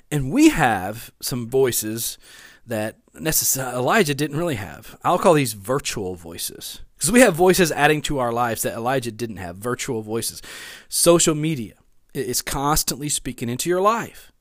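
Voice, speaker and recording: A man delivers a sermon in an earnest, conversational way, often circling back to repeat a key phrase. His voice sits a little higher than most men's. The sound is dry and close, with no room echo. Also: animated, moderate pace. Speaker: pastor.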